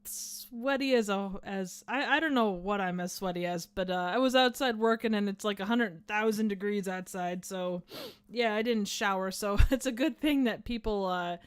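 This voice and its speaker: A woman's voice: medium pitch, moderate pace, clear, resonant tone, no echo. A woman hosting a livestream, chatting casually and rambling as she reads out the chat. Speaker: livestream host.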